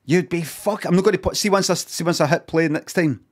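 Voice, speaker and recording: A man's voice: on the high side, brisk. A man, chatting casually and swearing while streaming reaction commentary. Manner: chatty, swearing, rambling asides.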